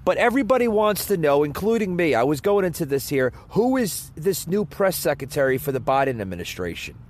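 Man, podcast host, casual commentary, rambling, stumbling speech, fairly high voice, faint car noise behind. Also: very animated, a little fast. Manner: rambling, stumbles and repeats words, chuckles. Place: near a road with passing cars.

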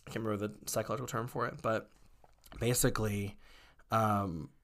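A man's voice: on the low side, fairly even intonation, brisk, a bit bright. A man, a guest in an interview, candidly telling personal stories in a conversational way, with many fillers and acted-out quotes.

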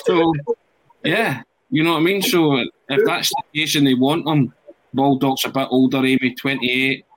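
A man's voice: mid-range voice, steady tone, moderate pace, no room sound, poor audio. A man hosting a football podcast, chatting and handing questions to his panelists. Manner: conversational, hands questions to panelists. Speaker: podcast host. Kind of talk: casual football podcast chat.

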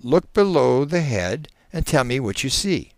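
A man voicing a calm hypnotherapist who reassures a subject and turns forceful when pressing for answers. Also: mid-range voice, unhurried, no room sound, studio quality, pitched above the performer's own voice. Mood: reassuring. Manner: steady, reassuring, at times forceful.

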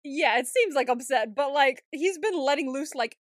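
A woman co-hosting a podcast, chatting casually in an animated way, laughing often and swearing freely. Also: high voice, moderate pace, dry recording, clean studio sound. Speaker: podcast co-host. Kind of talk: casual recap chat.

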